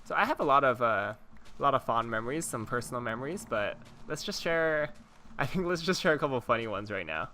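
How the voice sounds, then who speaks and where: A man's voice: medium pitch, expressive, a little fast, bright, forceful tone, slight background noise. A man in his twenties hosting a game video, chatting casually and chuckling as he tells stories to his viewers. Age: 20s. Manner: rambling and chuckling, talks to viewers. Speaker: Minecraft let's-play host. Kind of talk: casual commentary while gaming.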